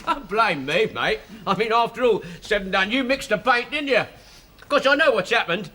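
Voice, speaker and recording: A man's voice: high-pitched, lively intonation, moderate pace, pushed and bright, slight background noise. A man in a 1970s sitcom, trading cheeky jokes about paint. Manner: cheeky, jokey banter. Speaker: sitcom character, bus driver son.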